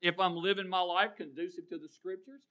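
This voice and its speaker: A man's voice: sits high, fairly even intonation, a little fast, sharp tone. A middle-aged man preaching a sermon, telling folksy stories and asking the congregation questions.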